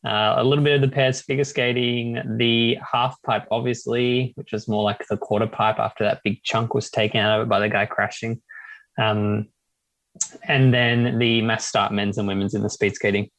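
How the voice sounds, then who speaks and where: A man's voice: medium pitch, flat delivery, moderate pace, a bit bright, no echo. A man co-hosting a casual video-call chat, rambling through lists with many ums. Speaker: co-host.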